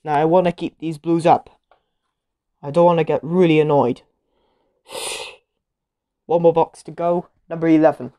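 A woman giving casual commentary while she plays a game show video game, reacting loudly to each result and getting easily annoyed. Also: deep voice, steady tone, normal speed, long pauses.

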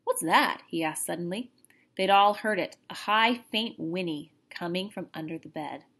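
A woman, a teacher, reading a chapter book aloud with expressive, lively narration. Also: fairly low pitch, normal speed. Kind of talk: storybook read-aloud.

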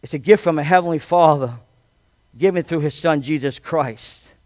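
A male pastor preaching a sermon, reading scripture and building to loud, drawn-out, emphatic shouts. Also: fairly high pitch, dry recording. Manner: reads scripture aloud with commentary.

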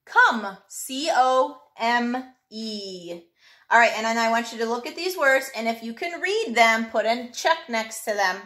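A woman's voice: on the high side, pushed and bright. A woman teaching a phonics workbook lesson to a child, sounding out letters patiently.

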